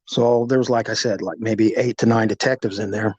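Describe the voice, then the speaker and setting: A middle-aged man, a former police officer, telling a personal story in an animated, vivid way, acting out the sounds. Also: on the low side, a little fast, husky, dry recording, muffled recording. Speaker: retired police officer recounting a shooting. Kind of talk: storytelling in an interview.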